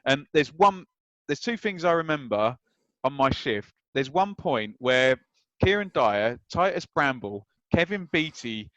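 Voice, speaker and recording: Lively man telling stories, dry sound. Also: medium pitch, unhurried, no echo, lo-fi sound. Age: 30s. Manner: animated, acts out quoted lines. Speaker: guest. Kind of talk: anecdotal storytelling.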